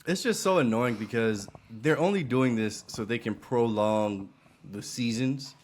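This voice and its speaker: A man's voice: mid-range voice, measured pace, a little mellow, slight background noise. A man co-hosting a casual pop-culture podcast, blunt and teasing in his remarks. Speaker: podcast co-host.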